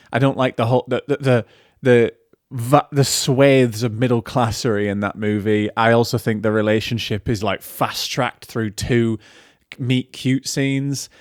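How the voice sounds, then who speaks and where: A man's voice: mid-range voice, no echo, clean studio sound. Chatty, self-mocking man hosting a film podcast. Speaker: podcast host and film critic. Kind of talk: casual solo podcast chat. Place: room at home.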